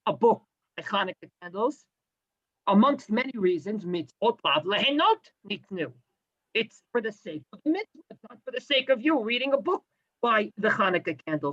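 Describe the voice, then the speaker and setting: A man teaching a Torah class, animated, with sarcastic asides and Hebrew terms mixed in. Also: very high-pitched, lo-fi sound. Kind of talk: lecture to a class.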